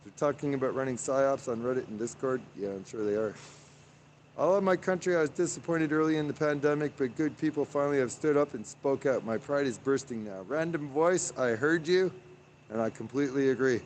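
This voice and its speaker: A man's voice: medium pitch, a little fast, a little mellow, slight background noise. A man chatting on a live stream from the street outdoors, reading viewer comments aloud and rambling with many fillers. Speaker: livestreamer.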